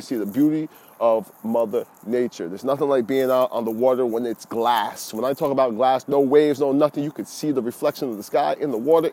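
Lively, preachy man with a mellow voice. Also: medium pitch. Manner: lively, preachy, addresses listeners as y'all. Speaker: fishing podcaster. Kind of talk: casual monologue.

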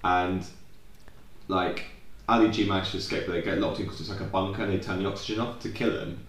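A man's voice: low voice, flat delivery, fast talker, a bit bright, roomy sound. A young man co-hosting a podcast, chatting casually and rambling off on tangents with plenty of swearing. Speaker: podcast co-host. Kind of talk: casual chat.

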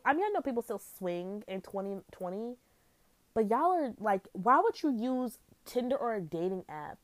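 A young woman hosting a podcast, telling a story in a brash, profane, animated way with big swings in pitch. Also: no room sound. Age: young adult. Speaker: podcast host. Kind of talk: casual storytelling monologue.

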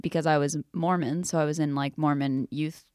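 A woman's voice: sits low, a little fast, dry recording. Laughing woman from South Carolina. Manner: laughing, animated storytelling. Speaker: podcast co-host. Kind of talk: casual chat.

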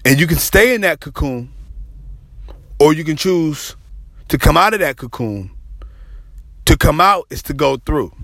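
A man preaching an impassioned sermon, repeating phrases with dramatic pauses and sometimes slipping into a half-sung cry. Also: medium pitch, a bit bright, no echo.

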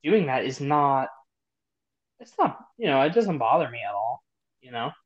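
A young man co-hosts a podcast, talking loosely and swearing freely. His pitch moves around a lot as he speaks. The sound is a little muffled, like a basic home mic. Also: very animated, moderate pace. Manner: casual, swears often. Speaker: podcast co-host. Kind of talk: casual chat.

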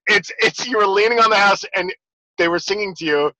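Guest type, a man with a bright tense voice, laughs through his anecdotes, dull audio. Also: high voice, a little fast, dry recording. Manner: rambling, laughing storyteller. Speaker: podcast guest. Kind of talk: casual chat.

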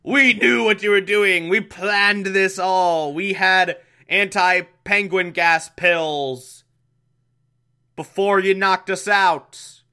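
A man's voice: high-pitched, steady tone, takes it slowly, bright, forceful tone, clear, resonant tone, voice pushed up, heavily acted. A man voicing a smug, heroic male crime-fighting duo, declaiming in a lightly raised voice.

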